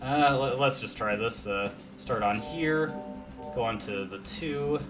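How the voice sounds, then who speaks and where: A man's voice: medium pitch, slow pace. A young man casually commenting on a video game as he plays, thinking aloud with many fillers and self-deprecating asides. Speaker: let's play commentator. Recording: faint game music behind.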